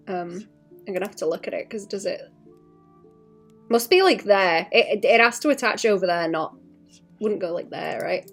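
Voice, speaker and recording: A woman artist on a casual livestream, rambling as she thinks aloud about her drawing and adding playful sound effects. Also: medium pitch.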